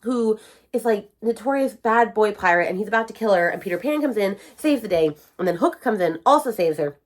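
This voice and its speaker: A woman's voice: medium pitch, a little fast. A woman, talking casually in a reading vlog, ranting about books and quoting characters. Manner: animated, ranting, quotes characters in voices. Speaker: book vlogger.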